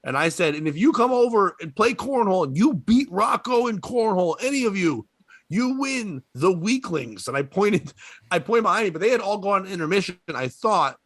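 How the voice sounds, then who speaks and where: A man's voice: high voice, animated, moderate pace, dry recording. A young adult man telling rambling, profane comedic stories in casual chat, laughing often. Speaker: podcast guest storyteller.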